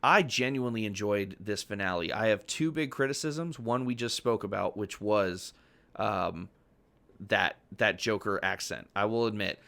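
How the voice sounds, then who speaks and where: Man, podcast co-host, bright tone, casual, enthusiastic, swears freely. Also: fairly low pitch, moderate pace, creaky.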